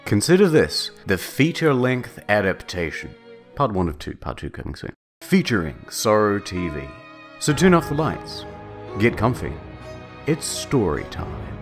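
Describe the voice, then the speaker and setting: A man's voice: lowish voice, very animated, measured pace, faint music behind. A man narrating a comedic dramatic reading, mock-dramatic with sardonic asides.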